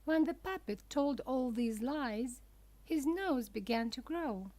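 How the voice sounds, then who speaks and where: A woman narrating a children's storybook for language learners in a careful, deliberate way. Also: high-pitched, lively intonation, darkish tone.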